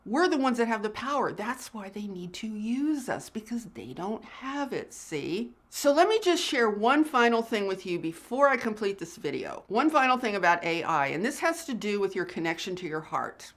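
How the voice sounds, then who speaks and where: A woman's voice: medium pitch, big pitch swings, moderate pace, few pauses, a bit bright. A woman hosting her own spiritual channel, talking straight to viewers in an earnest, emphatic way and repeating phrases for emphasis. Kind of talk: casual direct-to-camera talk.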